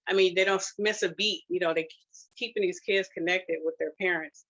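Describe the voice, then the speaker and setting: A grandmother sharing a personal testimonial, emotional and close to tears, talking in a halting way with many fillers and restarts. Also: fairly low pitch, fairly even intonation, a bit bright, highs cut off. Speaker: grandmother sharing her family's experience.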